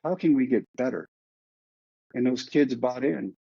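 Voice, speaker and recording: A man's voice: mid-range voice, unhurried, gravelly, warm tone, slightly rough, no room sound, muffled recording. A middle-aged man, a podcast guest, telling his story earnestly and repeating phrases for emphasis.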